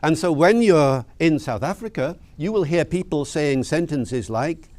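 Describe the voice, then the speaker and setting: A man lecturing to a class, his pitch rising and falling in a lively, expressive way. He tells stories and acts out the voices of the people in them. The recording is dry and close. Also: a little slow, few pauses, no room sound. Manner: storytelling, acts out dialogue with big pitch jumps. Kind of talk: lecture on English varieties.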